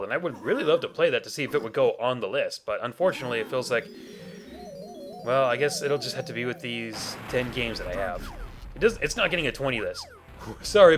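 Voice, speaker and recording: Guy rambling over a game playthrough, lively swingy voice, faint game music behind. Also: medium pitch. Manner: rambling, animated, self-correcting. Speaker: gaming YouTuber. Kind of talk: let's play commentary.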